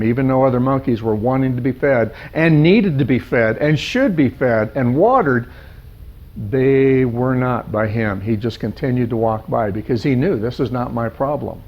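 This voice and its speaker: A male life coach telling a parable in an animated storytelling manner, piling up lists of words. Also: medium pitch, normal speed. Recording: dull lo-fi sound.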